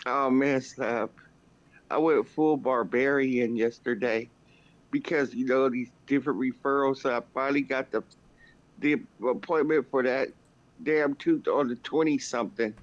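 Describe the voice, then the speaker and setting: A woman's voice: a bass voice, fairly even intonation, a little slow. Woman, casual talker, blunt and profane, recorded on a muffled lo-fi mic. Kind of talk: casual chat. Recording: dull lo-fi recording.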